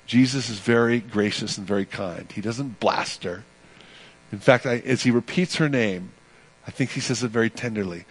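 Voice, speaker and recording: A man pastor preaching a sermon with emphatic delivery, repeating phrases and swinging between loud and soft passages. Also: lowish voice, normal speed.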